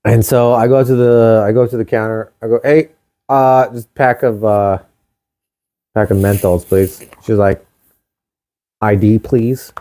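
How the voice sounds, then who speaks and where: A young man co-hosting a casual chat show, telling a story in an animated way, swearing freely and acting out what people said. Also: fairly low pitch, a little slow, pauses often. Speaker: co-host.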